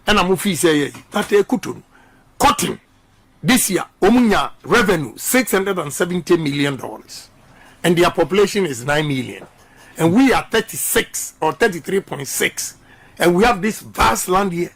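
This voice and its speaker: Middle-aged ghanaian guy on the radio, high husky voice, hammering his points home, switches into twi. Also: expressive, normal speed, fairly bright tone. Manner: emphatic, repeats slogans, mixes English and Twi. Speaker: politician guest. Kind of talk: impassioned radio interview.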